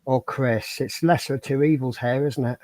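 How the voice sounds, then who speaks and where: A man's voice: medium pitch, fairly even intonation, normal speed, darkish tone, dry recording. A man hosting a livestream, chatting casually and telling rambling anecdotes. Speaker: livestream host. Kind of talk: casual chat and storytelling.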